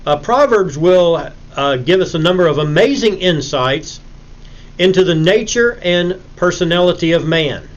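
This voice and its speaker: Animated preacherly man lecturing. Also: high-pitched, moderate pace, highs cut off. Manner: preacherly, acts out anecdotes with sudden loud emphasis. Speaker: Bible lecturer. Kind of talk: recorded Bible lecture.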